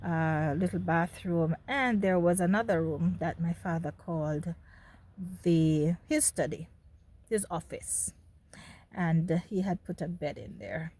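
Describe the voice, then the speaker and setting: A woman's voice: fairly low pitch, slow, darkish tone. Jamaican woman telling her own story. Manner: candid, speaks directly to viewers, laughs between remarks. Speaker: host. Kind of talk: personal storytelling monologue.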